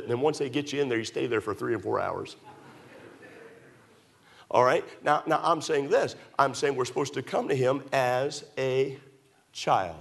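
A man preaching a sermon, emphatic and repetitive, rising to loud pleas and dropping to quiet asides. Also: mid-range voice, expressive, moderate pace, vocal fry. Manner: emphatic, repetitive, swings between loud pleading and hushed asides. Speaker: pastor.

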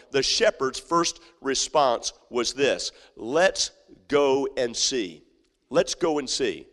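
A male pastor preaching a sermon, emphatic and repetitive, with frequent fillers and restarts. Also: medium pitch. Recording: long hall reverb.

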